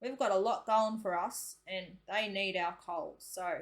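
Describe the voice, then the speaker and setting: Picture a friendly Australian woman chatting through her reaction to a clip. She speaks at a middling pitch for a woman and talks casually, dropping in local slang as she goes. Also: a little slow. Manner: chatty, uses slang like mate and reckon. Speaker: reaction video host.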